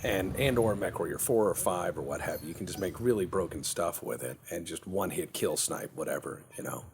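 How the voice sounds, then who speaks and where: A man's voice: sits low, a little fast, creaky, a little mellow, slight background noise. A man casually commentating on his gameplay, rambling and joking, often repeating words as he thinks aloud. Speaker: game commentator. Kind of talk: casual let's play commentary.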